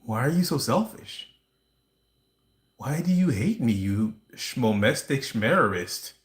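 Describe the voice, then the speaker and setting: A man's voice: mid-range voice, very animated, slow pace. A man voicing a smug, manipulative narcissist who talks in an indignant, guilt-tripping, mock-pleading tone. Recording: roomy echo.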